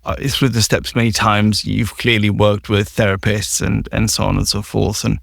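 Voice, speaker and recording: A man hosting a recovery podcast, asking measured, sympathetic questions. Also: on the low side, flat delivery, gravelly, a bit bright, no echo, studio quality. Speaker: podcast host. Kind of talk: interview questions.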